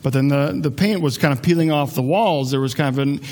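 A man's voice: medium pitch, a little fast, darkish tone. A man preaching a sermon as a pastor, conversational and joking, often restarting his sentences.

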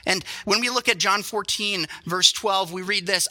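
A young man preaching a sermon, telling stories with animated, self-deprecating asides. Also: sits high, moderate pace, hardly any pauses. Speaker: pastor.

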